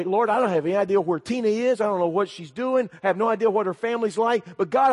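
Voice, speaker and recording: High-voiced man preaching in a reverberant hall. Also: a little mellow. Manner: emphatic storytelling, repeating "he said"; urgent direct appeals to the listeners. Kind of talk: sermon. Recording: long reverb of a large hall.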